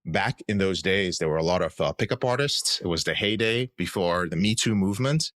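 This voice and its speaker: A man's voice: sits low, lively intonation, fairly quick, fairly bright tone, no room sound. A man in his thirties, a podcast guest, telling his personal story in an earnest, reflective way. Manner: earnest, reflective, acts out quoted voices.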